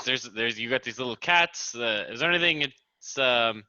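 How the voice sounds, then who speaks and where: Lively, bright-voiced male player. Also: medium pitch, normal speed, clean tone, no echo. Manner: blunt, playful and lively. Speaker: tabletop game player. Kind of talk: in-character tabletop banter. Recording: dull, lo-fi dry mic.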